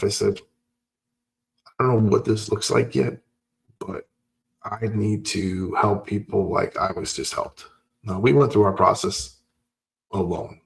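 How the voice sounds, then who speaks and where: Man, very low voice, gravelly, casual storytelling, acts out dialogue. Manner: animated storyteller acting out dialogue. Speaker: podcast host. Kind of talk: personal story told casually.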